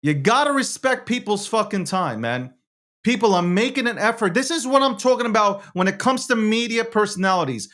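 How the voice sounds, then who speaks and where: A man's voice: high voice, lively intonation, fairly quick, fairly bright tone. A man hosting and producing a live show, talking in a heated, repetitive way with heavy swearing.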